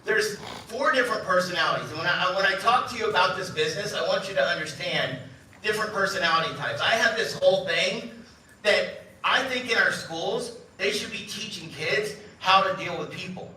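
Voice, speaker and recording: A man's voice: sits high, expressive, brisk, pushed and bright, slight background noise. A middle-aged man giving a live talk to an audience as a company head, joking and telling stories, acting out the voices of the people he quotes. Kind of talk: live event speech. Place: large event room. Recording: echoey room, speaker far from mic.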